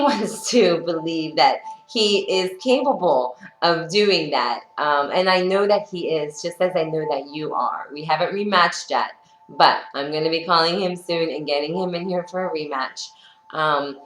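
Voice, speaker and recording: A cheerful woman coaching a workout in a fairly low voice, encouraging and chatty with easy fillers. Her voice bounces around an echoey studio room, with faint music playing behind her. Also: fairly bright tone. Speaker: fitness instructor. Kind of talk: guided workout instruction and chatty storytelling.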